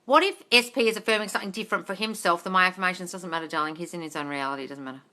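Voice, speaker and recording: A woman hosting a live question-and-answer stream. She reads viewers' comments and answers them bluntly, with constant swearing, often calling them "darling" and sometimes breaking into loud, scolding rants. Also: lowish voice, racing. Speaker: host of a live manifesting Q&A. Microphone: livestream phone or webcam mic.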